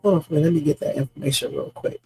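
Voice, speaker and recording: A man hosting a casual news-reaction livestream, hoarse from a sore throat, chatting straight to his viewers with rambling asides. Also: a little high, fairly even intonation, very fast, warm tone, dry recording, rough recording. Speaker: livestream host. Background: background music.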